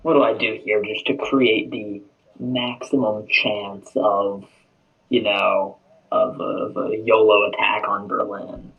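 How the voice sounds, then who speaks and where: A man's voice: fairly low pitch, flat delivery, slow pace, gravelly, narrow, tinny audio. A tired man chatting hesitantly over an online board game, agreeing with short replies.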